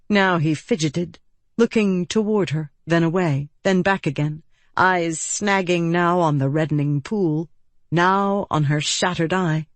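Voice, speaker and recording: A woman reading an audiobook in calm, measured scripted narration. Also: on the low side, no room sound.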